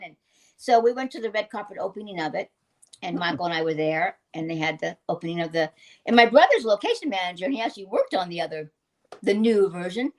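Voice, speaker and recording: An older woman, a guest actress, telling animated anecdotes in a casual interview and laughing often. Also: on the low side, a little fast.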